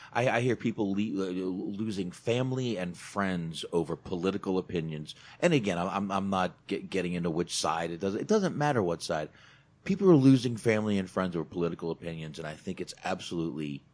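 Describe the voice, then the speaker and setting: A man's voice: deep voice, darkish tone. A man hosting a podcast in casual chat, emphatic, swearing and saying "dude" a lot. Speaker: podcast host.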